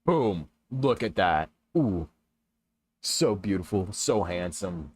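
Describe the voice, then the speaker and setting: Deep-voiced laid-back young male streamer. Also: lively intonation, slow pace, husky. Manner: laid-back, chatty, greets viewers while playing. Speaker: livestreamer. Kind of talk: casual gaming livestream chat. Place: his room at home. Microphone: stream microphone.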